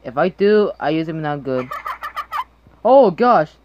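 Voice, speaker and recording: A woman's voice: low voice, very animated, takes it slowly, highs cut off, background noise. A young woman playing a horror game, swearing and screaming whenever something startles her. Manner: jumpy, swears and screams at scares. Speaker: gamer.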